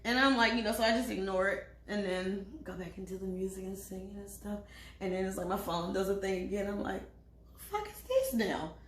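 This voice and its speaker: A woman's voice: mid-range voice, a little fast. Woman telling a dating story, swears a lot, acts out the texts, echoey room w/ faint hum. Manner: animated, profane, acts out her own and others' words. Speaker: podcast guest. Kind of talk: casual storytelling chat.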